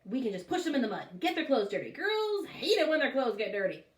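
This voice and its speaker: A woman reading aloud and voicing a bratty, bullying schoolboy who turns whiny and loud when upset. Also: high voice, sing-song, quick pace, pitched above the performer's own voice. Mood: scheming, boastful. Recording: echoey room, far from the mic.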